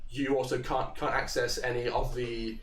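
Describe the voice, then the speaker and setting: A man's voice: medium pitch, level tone, far from the mic, slight background noise. A man narrating as game master, stammering and restarting his sentences. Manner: stammering, halting. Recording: echoey room, off-mic.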